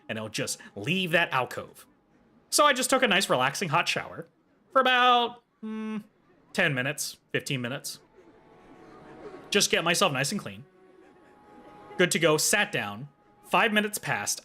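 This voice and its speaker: A man livestreaming from home, telling a comic story in a casual, animated way. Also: fairly high pitch.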